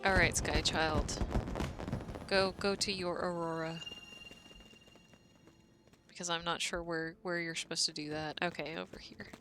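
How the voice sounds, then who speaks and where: A young woman with a Southern US accent and a fairly low voice chats casually through a game live-stream, answering her chat aloud. Music plays clearly behind her. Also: little pitch movement, measured pace, pauses often. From Southern United States.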